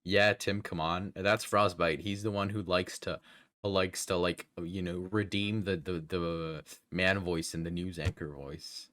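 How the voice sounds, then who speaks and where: A man's voice: deep voice, fairly even intonation, a little slow, a bit bright, no room sound. A man hosting a casual livestream interview, laid-back and swearing freely as he stumbles over his words. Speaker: streamer host interviewing a guest.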